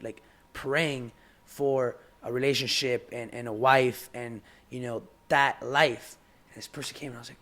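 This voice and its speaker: A young man talking as a podcast guest in casual conversation, heartfelt and halting, often repeating words as he searches for them. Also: medium pitch, fairly even intonation, a bit bright.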